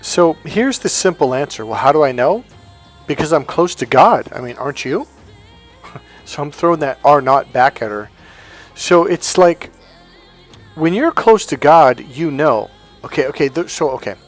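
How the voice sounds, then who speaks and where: A man's voice: fairly high pitch, normal speed. Self-assured man with faint music behind. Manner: animated, self-assured, laughs at his own points. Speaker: spiritual coach. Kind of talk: casual spiritual monologue.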